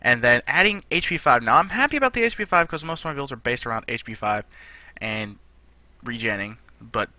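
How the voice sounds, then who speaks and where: A man's voice: medium pitch, lively intonation, a little fast, bright, forceful tone, dry recording. A young man chatting casually through game patch notes, rambling with lots of fillers. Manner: rambling, filler-heavy, conversational. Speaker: gaming channel host.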